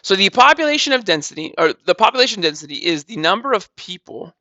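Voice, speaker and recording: Casual, high-voiced man teaching math. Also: big pitch swings, fast talker, pushed and bright, no room sound, dull audio. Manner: talks through calculations step by step, casual, repeats numbers, says "blah, blah". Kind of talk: recorded math lesson walkthrough.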